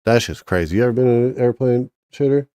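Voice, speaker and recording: A man's voice: mid-range voice, expressive, fast talker, mellow, clean tone, no echo, clean studio sound. A man casually chatting on a stream, rambling and joking crudely with lots of restarts. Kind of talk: casual profane chat with chat and co-host.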